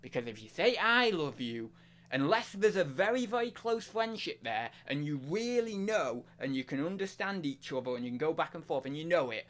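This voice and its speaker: A man's voice: on the high side, sing-song, fairly quick, hardly any pauses. A man chatting casually on a live stream, rambling, self-mocking and talking to his chat.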